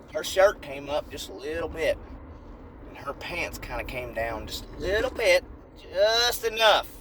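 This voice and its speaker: A man telling a brash, animated comedic story in a casual way, recorded in a parked car. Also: mid-range voice, background noise. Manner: animated, brash, shifting into voices.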